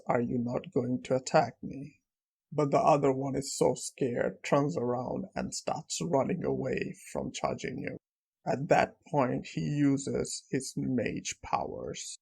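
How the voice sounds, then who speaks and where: A man's voice: mid-range voice, vocal fry, a little mellow, husky, rough recording. A man narrating a comic story recap in a plain, matter-of-fact way.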